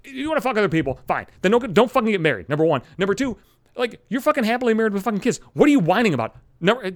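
Talking very fast with big pitch swings, a high-pitched podcast host rants solo at home into a studio microphone, constantly swearing and speaking bluntly. The sound is clean studio audio without echo.

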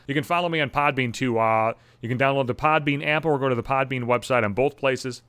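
A man's voice: medium pitch, fairly quick, fairly bright tone, clear, resonant tone, no echo. A young man hosting a solo podcast, ranting bitterly and sarcastically with heavy swearing. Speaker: podcast host.

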